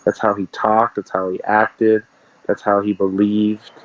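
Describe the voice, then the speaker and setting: A man's voice: fairly low pitch, little pitch movement, unhurried, rough recording. A man, a sports card shop owner, telling rambling stories in a casual interview and repeating himself.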